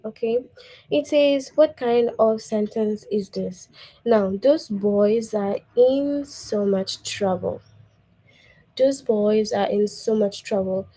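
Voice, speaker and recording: A woman teaching a grammar lesson to young children, slow and patient, often checking in with "okay?". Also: on the high side, mellow.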